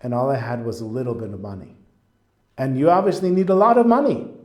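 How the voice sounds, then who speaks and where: A man's voice: medium pitch, rapid-fire, warm tone, soft background music, natural voice. A man voicing an old, humble holy rabbi who pleads with emotion, close to tears. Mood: tearful pleading. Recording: roomy echo.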